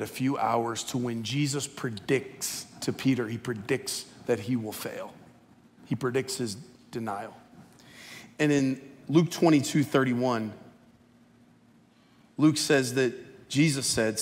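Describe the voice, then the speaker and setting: A middle-aged male pastor preaching a sermon in a large church auditorium, impassioned and conversational, at times dropping very quiet. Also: medium pitch, a little slow. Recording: echoey reverb of a large hall.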